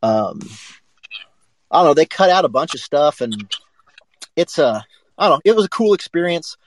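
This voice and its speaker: A man co-hosting a live sports talk show, telling a rambling, profane story in a casual, animated way. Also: a little high, moderate pace, a little hiss or hum, low-quality recording.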